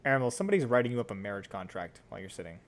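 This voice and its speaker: A man narrating a tabletop game as game master, talking in a relaxed, casual way. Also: lowish voice, rapid-fire. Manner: relaxed, casual, many fillers.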